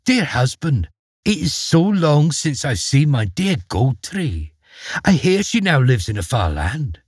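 A man's voice: fairly high pitch, sing-song, unhurried, breathy edge, no echo, studio quality, full character voice. A man voicing a cunning, murderous queen who speaks with false sweetness in a storybook reading. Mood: honeyed.

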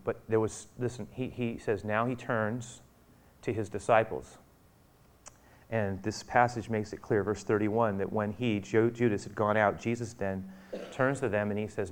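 A man preaching a sermon, acting out scripture quotes and swinging from loud urgent peaks down to a hushed near-whisper. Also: on the low side, steady tone, moderate pace. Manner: acts out quotes of biblical figures. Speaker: pastor.

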